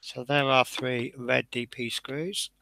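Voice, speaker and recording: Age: unknown. Sex: man. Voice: bright, gravelly. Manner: chatty, self-deprecating. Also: medium pitch, fairly even intonation, slow, no echo. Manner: chatty, self-deprecating, talks through each step. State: tired. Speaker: live-stream model-building host. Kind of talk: casual live-stream commentary.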